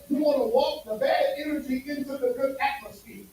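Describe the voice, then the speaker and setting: Guy preaching, gets loud then drops way down, echoey room mic far away. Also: very high voice, fairly quick, a little hiss or hum. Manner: loud bursts and sudden drops, emphatic. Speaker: pastor. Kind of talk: sermon.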